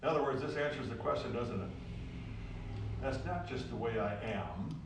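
A man preaching a sermon to a congregation, folksy and animated, repeating phrases for emphasis. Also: mid-range voice, normal speed, background noise. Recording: roomy echo, distant from the mic.

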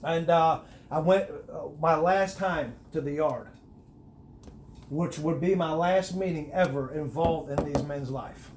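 A middle-aged man with a high voice tells his life story in an earnest, conversational way, restarting his sentences often. He grows animated when he stresses a point. A faint hiss sits under the recording. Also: takes it slowly. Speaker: guest sharing his testimony. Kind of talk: personal testimony, conversational.

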